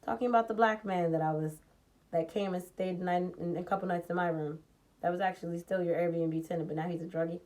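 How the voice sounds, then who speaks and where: A young woman in a casual storytime vlog, telling a personal story in a heated, profane, animated way and acting out the dialogue. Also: fairly low pitch, brisk.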